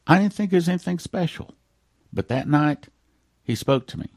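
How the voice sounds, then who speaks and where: A male pastor preaching a radio sermon in an earnest way, moving between loud emphatic lines and hushed, almost whispered ones. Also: a little high, expressive, moderate pace, pauses often, dry recording, studio quality.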